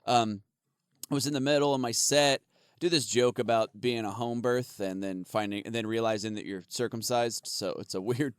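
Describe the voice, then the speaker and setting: A man's voice: medium pitch, fairly even intonation, normal speed, clean tone, no echo, clean studio sound. A man co-hosting a podcast, a comedian who tells rambling stories, swears freely and laughs often. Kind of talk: casual chat.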